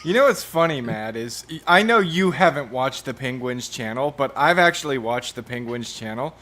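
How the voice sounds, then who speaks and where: A man's voice: medium pitch, lively intonation, normal speed, a bit bright, slight background noise. A man on a livestream panel, teasing and cursing. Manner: teasing, profane. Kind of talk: casual group livestream chat.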